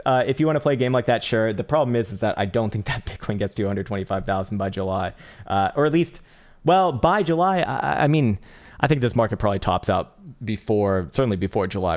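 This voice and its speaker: A man with a fairly low voice talks through trading charts on a live stream in a loose, rambling way. He swears freely, laughs often and reads viewer messages aloud between his chart reads. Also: brisk, darkish tone.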